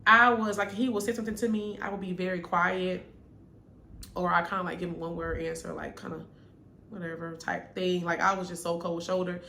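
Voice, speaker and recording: A woman's voice: on the low side, flat delivery, a little fast. Candid young woman telling her story. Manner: candid, addresses viewers as y'all, quiets when sad. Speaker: vlogger. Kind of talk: personal storytelling to viewers. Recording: echoey room with faint noise.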